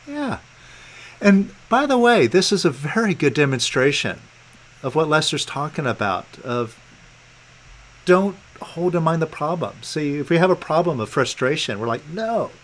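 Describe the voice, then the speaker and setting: A man guiding a client through letting go of feelings in a calm, coaxing way, repeating gentle prompts over a video call. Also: fairly high pitch, moderate pace, low-quality recording. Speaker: meditation coach. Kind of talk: guided release coaching session.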